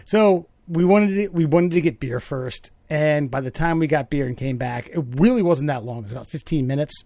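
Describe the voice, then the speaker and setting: A man's voice: a little high, brisk, dark tone, no room sound. A man in his late thirties co-hosting a podcast, telling a rambling story, swearing freely and mimicking voices. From Baltimore area, USA. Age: 30s. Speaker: podcast co-host. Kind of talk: casual podcast banter.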